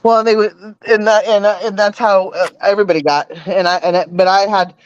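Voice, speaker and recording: A woman's voice: mid-range voice, steady tone, fairly quick, smooth, no room sound, highs cut off. A woman guest telling her story in casual chat, rambling with many false starts.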